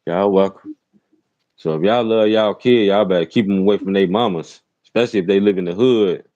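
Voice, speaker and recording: A man from Chicago rants from inside his car with a fairly low, dark, mellow voice. His commentary is loose and heavy on profanity. He keeps punctuating it with "real talk.". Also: quick pace, lo-fi sound. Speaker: rideshare driver and show host.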